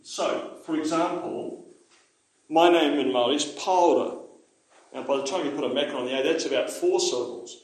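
A man's voice: a little high, moderate pace. A man teaching a Māori language lesson to a class, chatty, explaining with asides and checking that his listeners follow. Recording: very echoey room.

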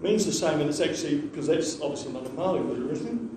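A man's voice: on the high side, animated, racing, noisy background. A man teaching a language class, patiently repeating words for the students to echo. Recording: echoey room, mic far off.

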